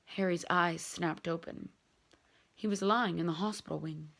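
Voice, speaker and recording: A woman reading a novel aloud in an expressive, dramatic storytelling manner. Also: fairly low pitch, normal speed, creaky. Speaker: reader.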